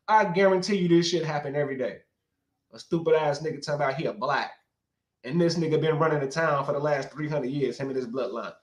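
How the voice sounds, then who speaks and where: A man rants through a livestream with a heated, profane delivery, talking straight to his viewers. His voice sits a little high for a man. The recording is echoey, with a roomy sound. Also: fast talker. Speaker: livestream commentator. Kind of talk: rambling livestream commentary.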